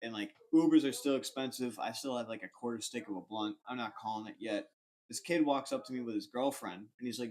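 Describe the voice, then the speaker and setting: A man's voice: medium pitch, fast, a little mellow. Slangy young man telling a rambling story. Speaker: podcast co-host. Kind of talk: casual storytelling chat.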